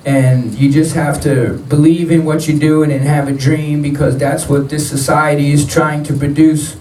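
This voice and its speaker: A man's voice: on the high side, level tone, moderate pace, warm tone, a little hiss or hum. A man telling blunt, profane stories in a live spoken word performance on stage. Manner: blunt, profane street storytelling. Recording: roomy, distant live-venue recording.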